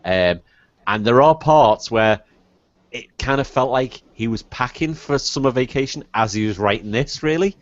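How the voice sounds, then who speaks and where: A man's voice: medium pitch, moderate pace, no room sound. A man co-hosting a comedy podcast, reading a story aloud and chatting with laughs and swearing. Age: adult. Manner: animated, laughing, swears a lot. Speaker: podcast co-host, story reader. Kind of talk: casual comedy podcast chat and mock reading. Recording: dull lo-fi podcast audio.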